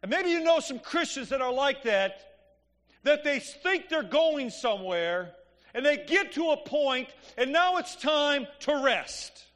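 A man's voice: very high voice, very animated, unhurried, fairly bright tone. A man preaching a sermon in a church, telling stories conversationally and asking the congregation "Amen?". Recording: long reverb of a church hall.

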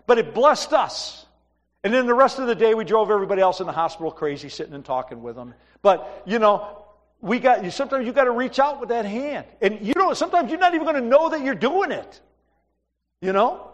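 A middle-aged man preaching a sermon as a pastor, telling stories in a conversational, animated way with asides to the congregation. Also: high-pitched, fairly quick. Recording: long hall reverb.

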